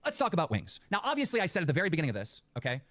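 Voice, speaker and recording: A man's voice: on the high side, huge pitch swings, racing, fairly bright tone, no echo. A man in a clip, ranting angrily at his audience and swearing constantly. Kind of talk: angry profane rant.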